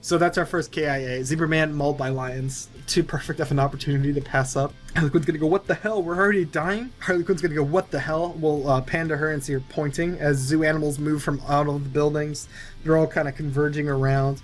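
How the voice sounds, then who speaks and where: A man's voice: on the high side, little pitch movement, quick pace, soft background music. A young man casually talking through a movie plot he wrote, rambling with lots of fillers. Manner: loose and rambling, many fillers. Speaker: movie video creator. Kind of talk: casual plot pitch narration.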